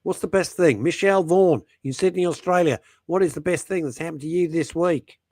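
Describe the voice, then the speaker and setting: A brisk middle-aged radio host with a high-ish, slightly mellow voice chats, rambles and tells jokey stories, reading out messages from listeners. There's no room sound.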